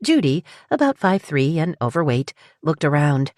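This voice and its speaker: A woman narrating a romance novel with even, measured storytelling in a close studio recording. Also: extremely low pitch, no room sound. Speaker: audiobook narrator. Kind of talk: scripted narration.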